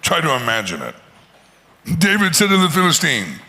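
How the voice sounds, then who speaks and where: Animated, gravelly-voiced male preacher. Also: a little high, moderate pace, long pauses. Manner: animated storyteller, acts out voices, laughs often. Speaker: pastor. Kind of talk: sermon.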